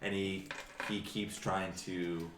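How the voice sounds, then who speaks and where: A man narrating as game master in a halting way, full of fillers and restarts. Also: low voice, flat delivery, echoey room, noisy background. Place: home room, online session.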